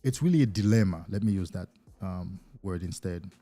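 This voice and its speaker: A man who is not a native English speaker, a life coach talking to viewers on a livestream in an animated way, acting out little scenes. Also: low-pitched, moderate pace.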